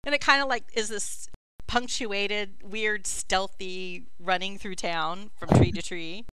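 A woman narrates a tabletop fantasy game as its dungeon master. Her voice is bright and crisp. She talks in a chatty, descriptive way with plenty of fillers, and the sound is close and dry. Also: mid-range voice, fairly even intonation, slow, no room sound, low-quality recording.

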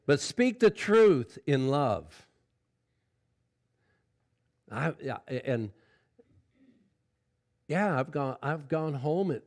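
A middle-aged man preaching a sermon as pastor, folksy and conversational, swinging from loud exclamations to quiet asides and often calling out "Amen?". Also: mid-range voice, big pitch swings, slow pace, gravelly, pauses often. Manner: folksy preaching with frequent "Amen?" call-outs.

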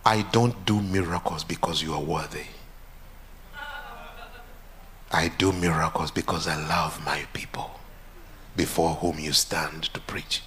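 A stern, commanding divine voice, low and unhurried, that sinks at times to a hushed whisper, as a preacher puts it on. It speaks with grave authority, each word weighed and slow. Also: male voice, fairly even intonation, a little hiss or hum.

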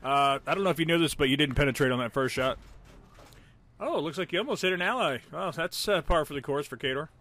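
A man giving live, joking commentary over a friend's tank battle, reacting loudly to hits and misses and teasing the player. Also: a little high, quick pace. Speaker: gameplay commentator.

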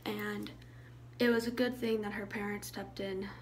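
Young woman, YouTuber vlog, soft and hesitant, hushed whispery bits, flat pitch, mid-range voice. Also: measured pace, slight background noise, low-quality recording. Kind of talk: emotional vlog talk to viewers.

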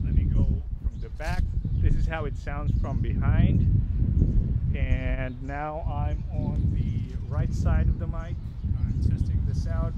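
A man's voice: a little high, background noise. A man casually testing and reviewing a microphone, talking in a plain, matter-of-fact way with small fillers. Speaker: gear reviewer. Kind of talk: casual mic test and review. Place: outdoors, then indoors at a computer. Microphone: shifting between phone and shotgun mic at varying distances.

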